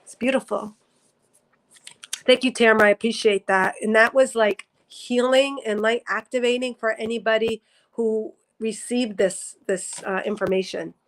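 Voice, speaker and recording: A woman's voice: on the high side, fairly even intonation, normal speed, rough recording. A woman doing a spiritual livestream reading, speaking earnestly and emotionally, rambling and correcting herself as she reads viewer comments. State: teary, emotional. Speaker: psychic reader on a livestream. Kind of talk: casual spiritual livestream talk.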